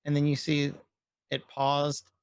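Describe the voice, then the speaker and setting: A man with a somewhat high, gravelly voice, casually rambling through a show recap on a podcast. He talks loosely and fills gaps with ums and likes. The recording is dry and close. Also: monotone, slow, dry recording. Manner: rambling recap, quoting characters loosely with fillers. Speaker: podcast co-host.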